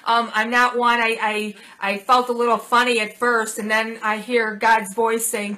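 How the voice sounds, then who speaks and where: A middle-aged woman talks through a casual unboxing vlog, her voice bright and a touch high. She gushes over each small gift and thanks her viewers warmly. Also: flat delivery, a little slow, hardly any pauses, poor audio. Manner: gushing, warm thanks over small gifts. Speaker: channel host.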